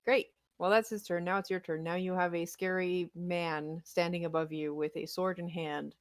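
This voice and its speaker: A woman running a tabletop game as game master, brisk and upbeat with quick asides. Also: on the low side, fairly even intonation.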